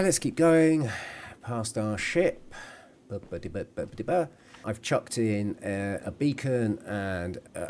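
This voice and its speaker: A man talks through his gameplay in a relaxed, chatty way, pausing to hum or apologise. His voice sits low but rises and falls with a lot of life. Faint game ambience hums behind him. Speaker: gameplay commentator. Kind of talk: casual gameplay commentary.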